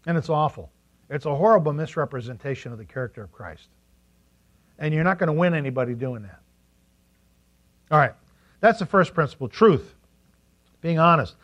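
A man preaching a sermon as pastor, animated, asking the congregation questions and acting out quotes in funny voices. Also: a little high, normal speed, pauses often. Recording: dull lo-fi recording.

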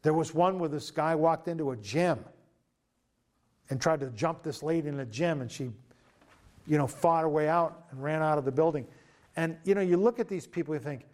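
A man preaching to his congregation, talking with an earnest, conversational warmth and stumbling into frequent restarts and fillers. His voice sits a little higher than most men's. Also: normal speed. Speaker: pastor. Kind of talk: sermon.

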